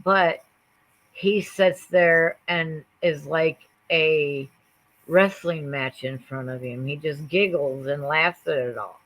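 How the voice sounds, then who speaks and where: A woman speaks on a casual gossip panel. She delivers firm, disapproving remarks in a steady conversational way. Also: sits low, takes it slowly, rough recording.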